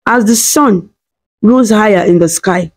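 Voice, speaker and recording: A woman reading a scripted story in a steady, dramatic way. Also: medium pitch, a little slow.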